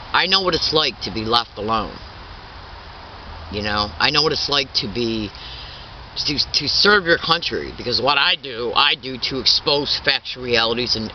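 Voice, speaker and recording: A middle-aged man in his fifties speaks out as an activist, indignant and insistent, stumbling over restarts and repeating himself. He sits at an ordinary pitch and is picked up from some distance on a dull, muffled recording. Faint traffic sounds run underneath. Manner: halting, repetitive, restarts often. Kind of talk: impassioned spoken statement.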